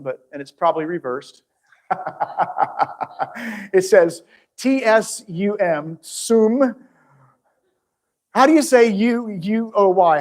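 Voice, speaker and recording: A man's voice: fairly high pitch, darkish tone. A man giving a conversational Bible teaching to viewers at home, asking the audience questions and restarting phrases as he goes.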